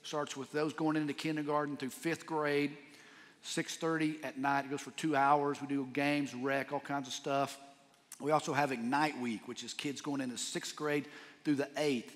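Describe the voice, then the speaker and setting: A man's voice: mid-range voice, little pitch movement, moderate pace, a bit bright. A man with a Texan accent preaching a sermon as pastor, casual and storytelling, dropping "man" and "dude" as he talks. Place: church sanctuary. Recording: reverberant church hall.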